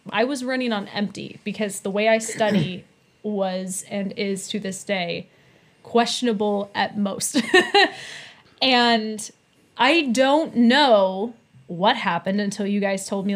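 A young woman in her twenties, a podcast guest, telling a story in casual chat, animated and laughing often. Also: mid-range voice. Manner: animated, laughing, acts out quotes.

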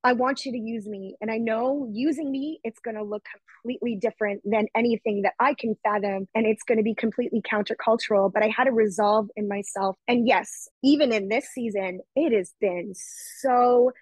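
A woman's voice: on the high side, fairly quick, hardly any pauses, husky, no room sound, rough recording. A woman guest talking earnestly about her faith in a casual conversation, often quoting her own prayers aloud.

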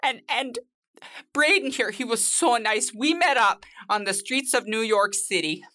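A woman's voice: a little high, lively intonation, measured pace, pushed and bright, pitched above the performer's own voice. A woman voicing a sweet, fussy middle-aged wife who is polite and sentimental. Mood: fretful.

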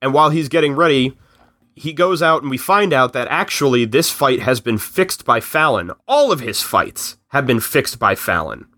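A man recapping a film in casual podcast chat, telling it in an animated way and slipping into quick voices for the characters. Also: medium pitch, no echo, clean studio sound.

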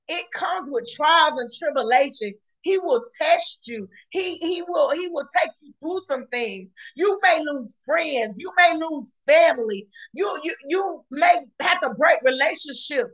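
A woman preaching a fiery podcast sermon, often shouting and repeating exclamations. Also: high voice, rough recording. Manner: shouting, repetitive exclamations, colloquial.

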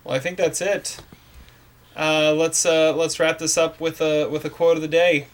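A man's voice: on the high side, level tone, normal speed. A man hosting a casual movie podcast, rambling with many fillers and restarts. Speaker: podcast host.

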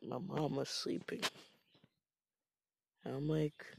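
Male storyteller from Jamaica, higher-pitched, unhurried, profane and rambling, dry sound. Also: creaky, a little mellow, breathy edge, no room sound. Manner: rambling, profane, self-mocking. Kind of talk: casual storytime monologue.

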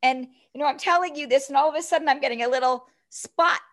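Talking quickly in a high voice, this guest, a woman in her fifties, tells a personal tale with chatty energy. She keeps checking in with listeners by saying "right?".

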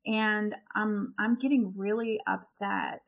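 Animated woman telling dream stories. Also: medium pitch, slow, gravelly. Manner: animated storyteller, acts out quotes, laughs often. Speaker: podcast co-host. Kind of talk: casual conversation.

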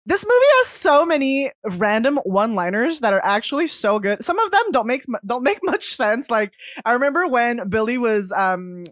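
A woman's voice: fairly high pitch, very animated, normal speed, hardly any pauses, no room sound. Chatty woman, dry close sound. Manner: chatty, laughs often, wondering aloud. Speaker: podcast co-host. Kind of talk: casual film discussion.

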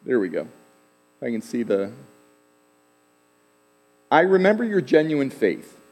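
Chatty pastor in a reverberant sanctuary. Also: male voice, mid-range voice, very animated, slow, a little mellow. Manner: conversational, chatty with fillers and asides. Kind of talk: sermon. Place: church sanctuary. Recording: long hall reverb.

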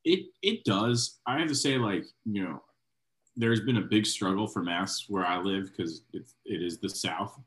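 A young man from Ohio co-hosting a comedy podcast, trading deadpan, mock-serious banter in casual chat. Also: on the low side, measured pace. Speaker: podcast co-host.

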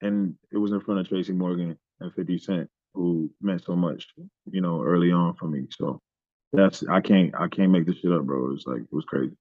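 A man in his thirties telling stories as a podcast guest, animated and profane with lots of "you know what I'm saying". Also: deep voice, a little fast, no room sound. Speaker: podcast guest, former pro basketball player. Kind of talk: storytelling in casual chat. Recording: tinny phone-like line, dry.

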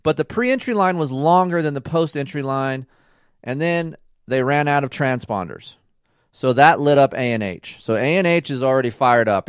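A middle-aged man hosting a podcast, telling a rambling racing story in a casual, animated way and acting out the dialogue. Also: medium pitch, clean tone, no echo, studio quality. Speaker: podcast host and racing dad.

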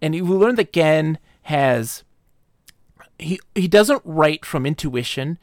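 A man co-hosting a podcast, retelling a book's plot in casual chat, jumping into quick character voices. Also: a little high, lively intonation, no echo, studio quality. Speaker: podcast co-host.

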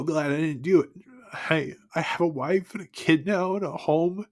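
Earnest man giving a halting testimony. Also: on the high side. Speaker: person sharing his faith testimony. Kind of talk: personal faith testimony.

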